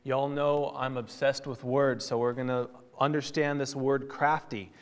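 A man's voice: medium pitch, little pitch movement, measured pace, clean tone. A man teaching a sermon in a conversational, teacherly way, with fillers and self-corrections. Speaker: Bible teacher. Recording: long hall reverb.

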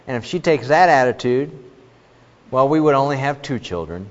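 Middle-aged male preacher, mid-pitched, earnest storytelling, dull lo-fi hall recording. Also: lively intonation, normal speed. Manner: earnest, with many fillers and illustrations. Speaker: pastor. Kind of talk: sermon.

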